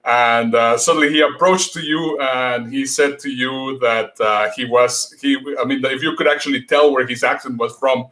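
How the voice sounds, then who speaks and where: A man's voice: mid-range voice, fairly even intonation, normal speed, few pauses, a bit bright. A man hosting a casual talk, hesitant, with many fillers and non-native grammar. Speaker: host. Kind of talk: casual conversation.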